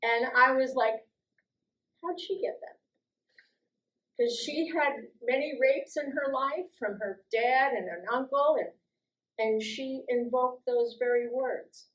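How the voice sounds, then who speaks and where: A middle-aged woman from the US East Coast telling a personal story in a calm, deliberate way as a guest speaker. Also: lo-fi sound. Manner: slow, calm, deliberate, with soft low-voiced stretches. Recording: roomy echoey recording.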